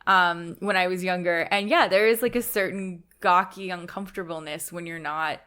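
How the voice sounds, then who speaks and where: A woman's voice: on the low side, fairly even intonation, moderate pace, a bit bright, smooth. A woman co-hosting a podcast, chatting about a film in an easygoing, agreeable way, with many uses of "like". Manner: easygoing, agreeable, heavy use of "like". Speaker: podcast co-host. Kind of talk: casual film discussion.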